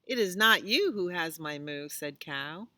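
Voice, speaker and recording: A woman librarian reading a picture book aloud to young children, doing animal sounds in an animated way. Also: sits low, unhurried, no room sound. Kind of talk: storytime read-aloud. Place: library storytime.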